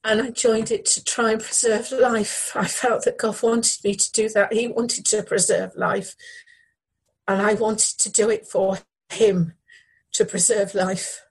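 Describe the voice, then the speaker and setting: A middle-aged woman, a bereaved widow, speaking in an interview in a halting, grieving way and repeating her words. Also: mid-range voice, little pitch movement, breathy edge, rough recording. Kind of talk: emotional news interview.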